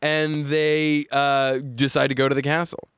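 A man's voice: a little high, level tone, a little slow, fairly bright tone, clean tone, no room sound, studio quality. A man guesting on a podcast, chatty and sarcastic, laughing often as he talks. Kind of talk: casual chat.

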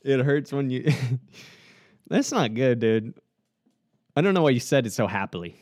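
A man's voice: mid-range voice, big pitch swings, a little slow, a little mellow, dry recording, studio quality. A man giving casual, joking reaction commentary on a track, laughing often and mocking lines in a raised voice. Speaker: host reacting to a music track.

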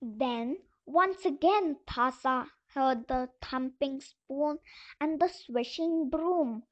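A woman reading a folk tale aloud in a gentle, measured storytelling manner. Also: high-pitched. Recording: dull lo-fi voice message.

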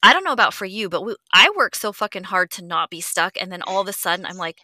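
A woman's voice: medium pitch, expressive, quick pace, sharp tone, no room sound. A woman hosting a podcast, talking earnestly and reflectively, swearing freely and sometimes dropping to a near whisper. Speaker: podcast host. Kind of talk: candid conversational chat.

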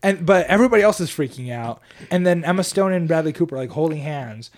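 A man co-hosting a casual movie podcast, retelling scenes in an excited, rambling way. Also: on the high side, fast talker. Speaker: podcast co-host. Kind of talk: casual movie-review chat.

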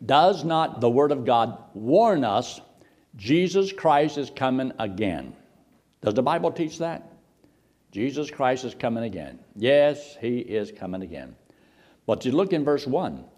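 A man's voice: medium pitch, very animated, unhurried, a little mellow. A man preaching a sermon, reading scripture verses and acting out the voices of doubters in a mocking tone.

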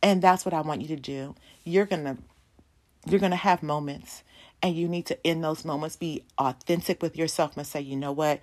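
A woman's voice: deep voice, fairly quick, a little mellow. A woman in her forties giving a sermon testimony, telling a personal story and speaking to the congregation as "y'all". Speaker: pastor's wife preaching.

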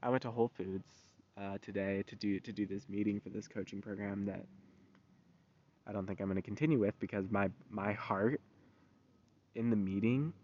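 A man's voice: fairly low pitch, steady tone, moderate pace, a little mellow. A man ranting in a casual monologue, heated and slangy, swearing freely. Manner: profane, heated, loose and slangy. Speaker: vlogger. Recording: dull lo-fi recording.

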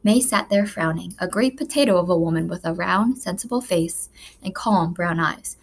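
A woman reading a children's novel aloud as a narrator, with measured, expressive storytelling. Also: fairly low pitch, slightly rough. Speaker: audiobook narrator. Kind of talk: scripted narration.

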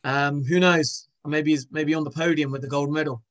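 A man in a casual interview, speaking with a slightly higher voice than most men. He stops and restarts a lot and repeats words as he goes. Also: fairly even intonation, moderate pace, fairly bright tone. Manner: hesitant, repeats words often. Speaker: guest, former cricketer.

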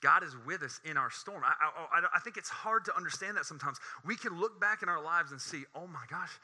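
A man preaching a sermon in an animated, joking way, his voice climbing high when he gets excited. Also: quick pace.

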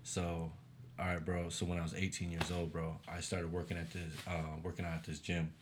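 A man's voice: low-pitched, completely flat delivery, a little fast, background noise. A man telling a long story in casual chat, laid-back, with lots of fillers and swearing.

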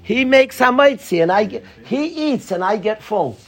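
A man's voice: high-pitched, expressive, moderate pace, fairly bright tone. A man giving an informal, joking Torah talk to a small group, repeating his key phrases with animation. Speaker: Torah teacher.

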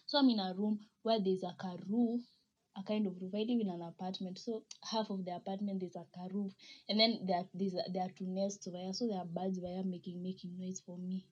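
A woman's voice: mid-range voice, darkish tone, slightly rough, muffled recording. A young woman with a Kenyan accent, hosting a podcast and chatting casually as she reads out listener comments, laughing often and slipping Swahili slang into her English. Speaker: podcast host.

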